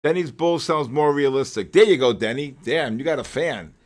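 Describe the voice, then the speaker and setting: A man hosting a live trading stream, excitable and joking as he calls out market moves to his viewers. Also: mid-range voice, moderate pace. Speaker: host of a live trading session.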